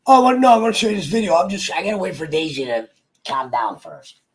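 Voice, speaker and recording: A man chatting excitedly on a livestream, swearing and jumping between topics. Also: on the high side, fast talker, slightly rough. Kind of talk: casual livestream chat.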